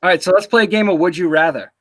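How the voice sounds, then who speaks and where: A man's voice: high voice, very fast. A man hosting a casual livestream interview, teasing and swearing loosely as he chats into a computer mic. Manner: teasing, profane, loose banter.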